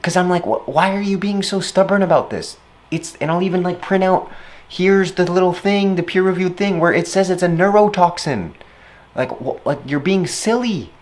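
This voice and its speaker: A man answering an interview question in a rambling, reflective monologue, who gets animated when he quotes himself. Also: sits high, moderate pace.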